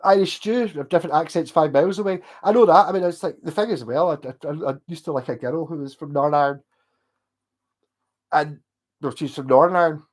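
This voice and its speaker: A man with a Scottish Glasgow accent rambling in animated casual chat with his livestream viewers, swearing and laughing as he goes. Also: a little high, fairly quick. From Scotland. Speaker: streamer chatting with viewers.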